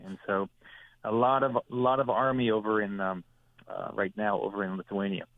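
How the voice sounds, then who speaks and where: A man's voice: on the low side, fairly even intonation, normal speed, no room sound. A man calling in to a radio interview as a senator, speaking bluntly and indignantly with heavy emphasis. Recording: tinny phone line.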